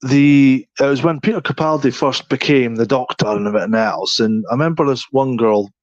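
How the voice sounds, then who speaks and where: A man's voice: medium pitch, fairly quick, no room sound. A man co-hosting a podcast in casual chat, rambling with many restarts and "you know what I mean". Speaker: podcast co-host. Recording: dry, slightly dull sound.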